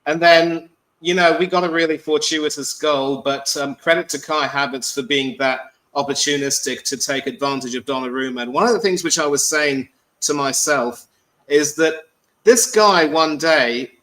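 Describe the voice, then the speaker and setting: A man calling into a football show, speaking in a measured, wordy way with lots of ums. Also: on the high side, fairly bright tone, low-quality recording. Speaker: caller. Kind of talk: articulate casual chat.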